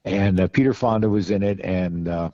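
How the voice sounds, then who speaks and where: Male podcast guest, low warm voice, wry anecdotal rambler, lo-fi remote audio. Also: normal speed, no room sound. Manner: rambling, wry, many restarts and fillers. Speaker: podcast guest, film costume and gun expert. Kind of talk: casual anecdotal storytelling.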